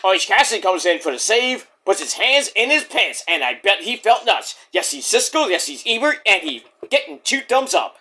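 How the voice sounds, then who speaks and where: A man's voice: high-pitched, very animated, a little fast, few pauses, bright, forceful tone. A man reviewing a wrestling show in a casual, rambling, jokey way, interrupting himself with asides.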